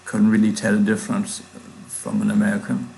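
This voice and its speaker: A man's voice: lowish voice, completely flat delivery, brisk, creaky, darkish tone, slight background noise, low-quality recording. A man with a German accent, casually thinking aloud while coding on a livestream, with hard consonants. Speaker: livestreaming programmer.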